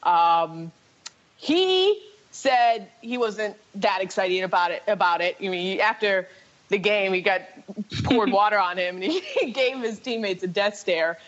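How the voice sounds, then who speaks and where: A woman's voice: mid-range voice, animated, a little slow, muffled recording. A woman hosting a casual morning sports chat, bubbly and laughing often. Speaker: podcast host.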